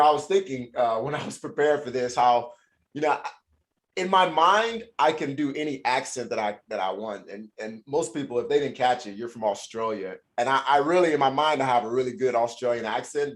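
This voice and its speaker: A man from Louisiana hosting a casual interview, friendly and rambling with frequent restarts. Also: medium pitch. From Louisiana, United States. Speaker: host.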